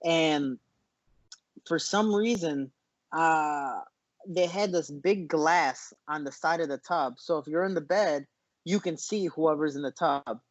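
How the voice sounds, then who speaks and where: Animated man telling fight stories. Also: on the high side, takes it slowly, dry recording, highs cut off. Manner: animated storyteller, frequent restarts. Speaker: fighter, interview guest. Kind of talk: casual interview chat.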